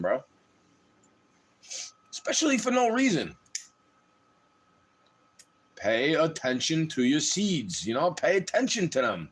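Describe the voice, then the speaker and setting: A man with a high voice holds forth on a livestream in a heated, swearing rant. His pitch climbs and plunges widely as he talks, so the delivery sounds restless and agitated throughout. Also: huge pitch swings, slow pace, long pauses, a bit bright, breathy edge. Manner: heated, profane, ranting.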